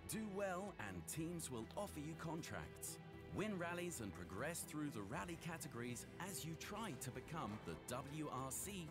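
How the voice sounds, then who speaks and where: A man's voice: fairly high pitch, very animated, moderate pace. A man with a British accent and a nasal voice, reading scripted narration for a racing game. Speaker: game announcer voice-over. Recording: game audio under loud music.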